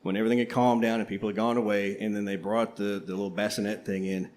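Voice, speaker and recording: A man's voice: lowish voice, little pitch movement, fast talker, darkish tone. An older man co-hosting a casual panel chat, rambling and reflective. He laughs easily as he talks. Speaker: co-host, history teacher. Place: coffeehouse before a live audience.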